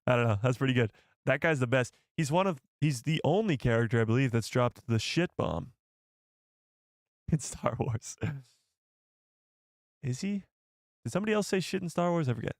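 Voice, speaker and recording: A male host chatting on a live stream, excitable and rambling, who often stops to correct himself. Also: mid-range voice, normal speed, pauses often, dry recording, studio quality.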